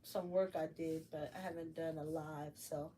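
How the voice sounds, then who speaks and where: A woman's voice: sits low, steady tone, moderate pace, slight background noise. A middle-aged woman hosting a casual late-night livestream chat, talking easily to her viewers while she crafts at home. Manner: chatty, warm toward viewers, loud laughing bursts. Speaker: livestream host.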